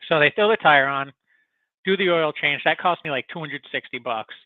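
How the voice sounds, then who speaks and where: A man's voice: a little high, normal speed, no echo. A man hosting a casual podcast, telling a long story full of profanity and filler words. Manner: profane, rambling, animated storytelling. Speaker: podcast host. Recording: tinny phone-like sound.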